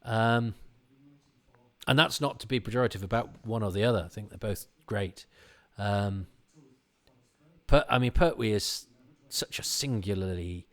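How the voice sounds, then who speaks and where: Male commentator, lower register, chatty, self-interrupting. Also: a little slow, long pauses, a bit bright. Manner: rambling and self-interrupting, frequent restarts. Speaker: commentator on a classic TV episode. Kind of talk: casual commentary chat.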